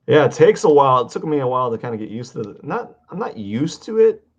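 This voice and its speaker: A man casually talking through a drawing livestream, rambling and halting as he searches for words. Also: mid-range voice, sing-song, lo-fi sound. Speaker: artist streaming a drawing session.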